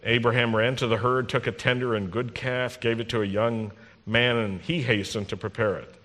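A man's voice: mid-range voice, fairly even intonation, moderate pace, a bit bright. A man preaching as a rabbi, talking straight to the congregation in a conversational, teasing way, recorded in a congregation hall. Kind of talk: sermon. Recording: long reverb in a large hall.

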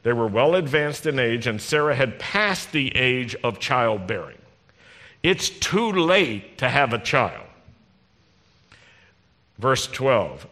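A man's voice: mid-range voice, lively intonation, measured pace, sharp tone. A man preaching as a rabbi, talking straight to the congregation in a conversational, teasing way, recorded in a congregation hall. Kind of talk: sermon. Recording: long reverb in a large hall.

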